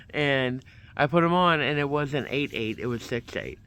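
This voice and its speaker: A man's voice: mid-range voice, lively intonation, moderate pace, a bit bright, clear, resonant tone, dry recording. A man vlogging casually, rambling through a story and acting out both sides of the conversations. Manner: rambling, retells events with quoted back-and-forth.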